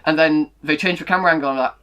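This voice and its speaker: A young man hosting a casual film review chat, talking quickly and hedging his opinions as he goes. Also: on the high side, pushed and bright, dull audio. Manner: fast-talking, hedging, self-correcting. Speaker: movie reviewer, host.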